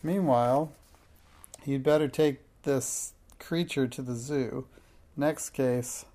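A man's voice: mid-range voice, steady tone, mellow, lightly acted. A man reading a formal, stern but fair old male judge in a children's story. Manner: formal, measured courtroom speech.

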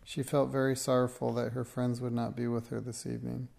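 A man reading a children's storybook aloud in a steady, plain way. His voice has a gravelly, creaky texture. The pitch sits in an ordinary middle range. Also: brisk. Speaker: narrator.

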